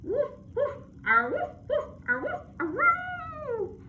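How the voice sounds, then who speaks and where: A woman voicing an excitable young male pet dog in a storybook reading, talking breathless and eager. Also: very high-pitched, normal speed, voice pushed up. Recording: muffled with steady background noise.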